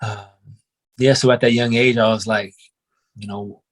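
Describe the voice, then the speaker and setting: A young qigong and breathwork instructor who grew up in Oregon, in the United States, tells his life story casually and reflectively, dropping "you know" and "man" often. His voice is fairly low, with fairly even intonation and a measured pace.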